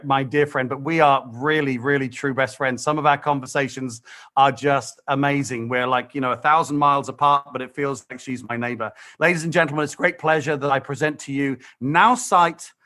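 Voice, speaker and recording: A man hosting a conference call, introducing the next speaker with halting, warm praise and many fillers. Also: medium pitch. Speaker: event host.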